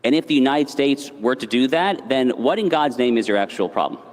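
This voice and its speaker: A man's voice: medium pitch, fairly quick. A man in a live debate pressing his opponent with pointed questions. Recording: reverberant hall.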